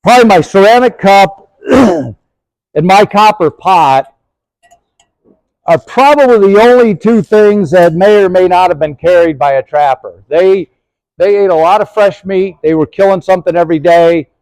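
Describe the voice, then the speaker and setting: A man's voice: sits high, moderate pace, a little mellow, no room sound, low-quality recording. A middle-aged man giving a casual, rambling demonstration of his gear outdoors beside his horse, with lots of fillers. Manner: folksy, rambling, many fillers. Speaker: historical horse trekking presenter.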